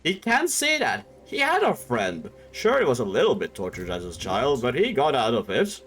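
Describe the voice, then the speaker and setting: A male streamer recounts a story in loose, irreverent chat. He stumbles, restarts and curses freely. His pitch swings widely from phrase to phrase. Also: wildly swooping pitch, normal speed, fairly bright tone, soft background music. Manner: rambling, irreverent, laughs, swears. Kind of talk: casual lore retelling.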